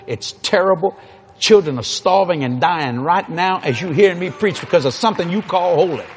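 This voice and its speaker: A man's voice: fairly high pitch, slightly rough. A man preaching a sermon, telling folksy stories in an emphatic way.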